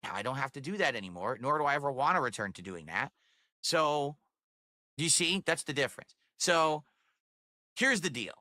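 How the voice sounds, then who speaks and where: A man's voice: mid-range voice, big pitch swings, normal speed, pushed and bright, no room sound, clean studio sound. A man ranting on his livestream, self-assured and insulting toward his critics. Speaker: streamer. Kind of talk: livestream rant.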